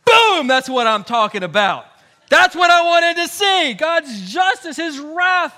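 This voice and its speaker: A preacher playing a gloating, petulant prophet. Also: male voice, extremely high pitch, very animated, unhurried, in a large hall, pitched above the performer's own voice, exaggerated voice. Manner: loud, gloating.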